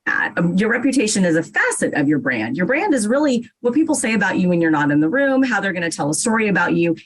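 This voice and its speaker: A woman's voice: mid-range voice, sing-song, quick pace, rough recording. A woman guest author on a podcast, explaining her ideas in an encouraging way. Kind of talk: casual interview chat.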